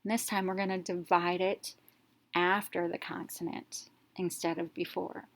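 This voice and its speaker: In a phonics lesson, a woman speaks with a fairly low voice and a level tone. She takes each step slowly and carefully, voicing the letters individually and then blending them together into a word.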